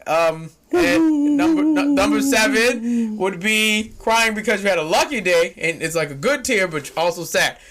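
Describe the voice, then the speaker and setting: Man, podcast host, casual chat, high voice, bright and sharp, rambling, joking, slangy, sudden shouts. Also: animated, moderate pace, few pauses. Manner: uses informal slang.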